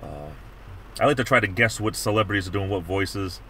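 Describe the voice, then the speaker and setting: A man's voice: on the low side, fairly quick, pushed and bright, a little hiss or hum. A middle-aged man hosting a livestream, chatting casually in a rambling way with many restarts. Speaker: livestream host. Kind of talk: casual chat.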